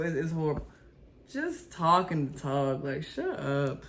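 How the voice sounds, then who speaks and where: A woman's voice: deep voice, sing-song, moderate pace. A woman hosting a reaction video, talking casually with blunt, profane ranting.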